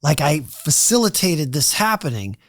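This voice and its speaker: A slightly high-voiced man spins his stories as a podcast guest, throwing himself into every quoted line. The sound is dry and close, with no room around it. His talk is loose and casual, salted with swearing. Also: moderate pace, no room sound. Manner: animated storyteller who acts out quoted dialogue. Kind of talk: casual storytelling interview.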